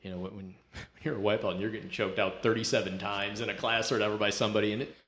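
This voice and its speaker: Low-voiced host in an echoey room. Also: male voice, level tone, fast talker, a bit bright. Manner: reflective, filler-heavy. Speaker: podcast host. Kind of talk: casual interview talk.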